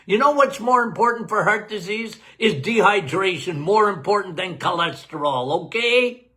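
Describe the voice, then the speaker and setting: Folksy, high, animated male doctor. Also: a little slow. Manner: emphatic, folksy, laughing. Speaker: doctor hosting a health Q&A. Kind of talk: casual live Q&A.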